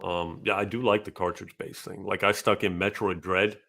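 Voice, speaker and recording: A man with a fairly low voice hosts a relaxed gaming podcast. He reads viewer donations and chats loosely, with a lively delivery that jumps from loud bursts to quiet mumbles. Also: moderate pace, creaky, breathy edge. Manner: animated, swings between loud bursts and low mutters. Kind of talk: casual chat.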